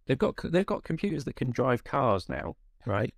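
A man's voice: medium pitch, big pitch swings, moderate pace, vocal fry, no echo, studio quality. A man co-hosting a casual podcast, ranting in an exasperated, rambling way. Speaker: podcast co-host. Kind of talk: casual chat.

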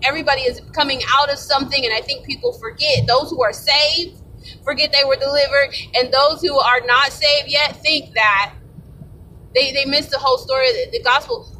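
High-voiced woman giving a rambling devotional talk. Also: fairly quick. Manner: rambling, conversational, asks for agreement. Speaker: Christian speaker. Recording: distant mic with loud rumble.

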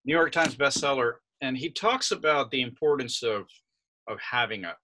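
A man's voice: medium pitch, expressive, moderate pace, bright, forceful tone, slight background noise. A man hosting a casual podcast interview, upbeat and jokey as he leads the talk. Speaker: podcast host.

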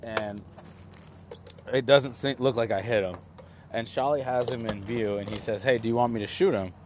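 A young man casually telling a story, rambling and excitable, with many restarts and fillers. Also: medium pitch, moderate pace, slight background noise.

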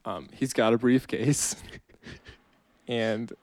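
A man's voice: mid-range voice, slow, a little mellow, no echo. A man co-hosting a comedy podcast, chatting casually, laughing often as he sketches scenes with many fillers. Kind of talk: casual chat.

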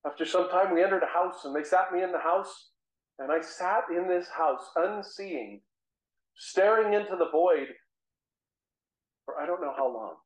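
A man's voice: high-pitched, lightly acted. A man playing the fervent apostle Saul. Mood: remorseful. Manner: earnest, measured storytelling with dramatic pauses. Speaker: guest speaker. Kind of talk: first-person dramatic monologue. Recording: roomy echo.

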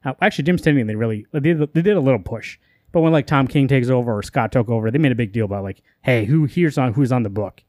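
A podcast co-host with a mid-range, darkish voice rambles through a comic story in loose, casual chat, quoting characters in quick asides and cursing offhandedly. The sound is clean studio quality with no room sound.

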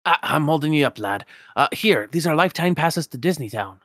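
A man's voice: on the high side, expressive, fairly quick, fairly bright tone, no room sound, clean studio sound, voice pushed up. A man voicing a stingy old Scottish cartoon duck millionaire, with a folksy brogue full of "ye" and "laddie". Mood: wheedling, chummy.

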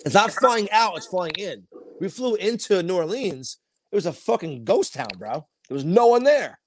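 A man's voice: sits high, very animated, moderate pace, a little hiss or hum. A man, co-hosting a podcast and telling rambling, profane stories in casual chat. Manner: rambling storytelling with heavy swearing. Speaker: podcast co-host.

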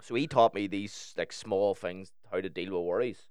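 A man's voice: low-pitched, moderate pace, darkish tone, smooth, no echo, studio quality. A man in casual podcast chat, talking candidly and swearing freely as he tells personal stories.

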